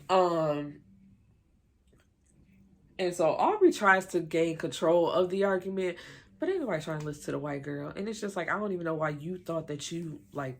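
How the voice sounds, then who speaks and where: Chatty woman recapping a TV episode. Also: deep voice. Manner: chatty, opinionated, many fillers; retells scenes in quick quoted voices. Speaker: TV recap reviewer. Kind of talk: casual recap commentary.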